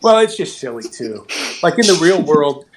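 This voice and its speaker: A man's voice: on the high side, very animated, moderate pace, slight background noise. A man hosting a casual online audio chat, ranting in an agitated way and swearing often. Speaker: host.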